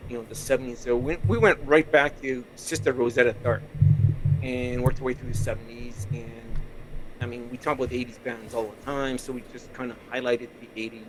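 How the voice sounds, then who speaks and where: Over a noisy background, a podcast guest from Canada talks fairly quickly with a medium pitch and fairly even intonation, his Canadian accent clear. Speaking through a remote call mic in a casual interview, he rambles easily from story to story in a relaxed way.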